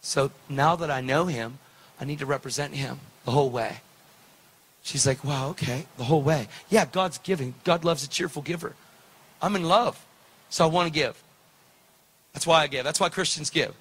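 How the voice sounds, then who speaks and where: Animated man preaching a story. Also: on the high side, normal speed, husky. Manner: animated, preacherly, acts out dialogue. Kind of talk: sermon storytelling.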